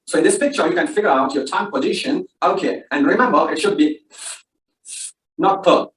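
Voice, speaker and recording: A man's voice: fairly high pitch, a little fast, a bit bright. A man presenting a recorded pronunciation tutorial, saying each word and then contrasting it with its wrong form. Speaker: video presenter. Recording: distant roomy video playback.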